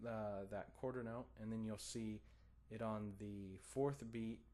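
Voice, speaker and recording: A man's voice: lowish voice, steady tone, a little slow, dark tone. A man gives a guitar lesson in a patient, encouraging way. He counts in the student and sings strum rhythms as plain syllables, stressing some beats. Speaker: guitar teacher.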